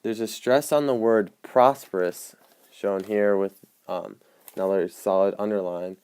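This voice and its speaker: A man explaining the marks on an annotated play script, in a measured way with frequent hesitant ums. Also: low-pitched, mellow, clean tone. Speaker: student presenter.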